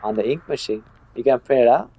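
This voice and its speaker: A man's voice: mid-range voice, quick pace, slightly rough, highs cut off. A young man chatting casually while streaming a horror game, laughing often and switching between English and Spanish. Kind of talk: casual live gameplay chat.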